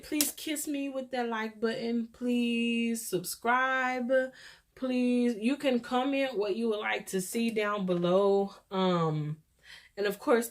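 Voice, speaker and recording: A woman with a Texas accent hosting her own show, rambling through an encouraging, preachy pep talk. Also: on the high side. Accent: Texan. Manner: scattered, rambling. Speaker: podcast host. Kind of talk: rambling solo chat.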